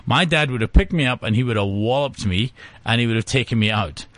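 A man's voice: mid-range voice, a little fast, fairly bright tone, dry recording. Blunt ranting man. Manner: blunt, ranting, acts out quotes. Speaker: podcast co-host. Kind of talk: casual chat.

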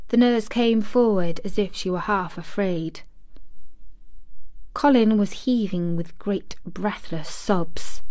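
A woman reads a storybook aloud in a mid-range voice, slow and deliberate, leaning into the drama of each scene. The recording is close and dry, with no room sound. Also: medium pitch, no echo. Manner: measured, expressive reading. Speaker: audiobook narrator. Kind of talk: storybook narration.

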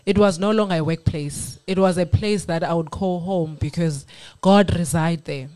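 A woman from South Africa telling her faith testimony on a radio talk show, earnest and animated. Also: lowish voice, normal speed. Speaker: guest sharing testimony.

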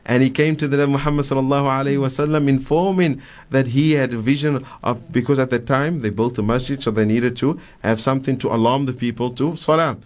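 A man's voice: mid-range voice, fast, few pauses. Man telling stories on radio. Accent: South African. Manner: animated storyteller, acts out quotes, frequent fillers. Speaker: guest Islamic scholar. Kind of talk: radio religious talk, storytelling. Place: radio studio.

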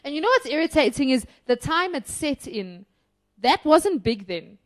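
A woman's voice: high-pitched, sing-song, normal speed. A woman co-hosting a casual film review chat, emphatic and opinionated, laughing often. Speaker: podcast co-host.

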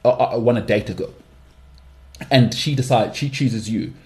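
A man with an English accent hosting his own podcast alone, giving strong opinions and often leaping into high-pitched mocking outbursts. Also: normal speed, a little mellow. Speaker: podcast host. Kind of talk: solo podcast monologue.

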